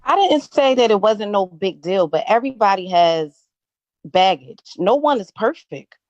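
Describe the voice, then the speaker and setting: A woman in her thirties calling in to an advice show, answering in a defensive, measured way. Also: mid-range voice, lively intonation, a little mellow, no echo, dull audio. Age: 30s. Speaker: caller. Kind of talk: call-in conversation.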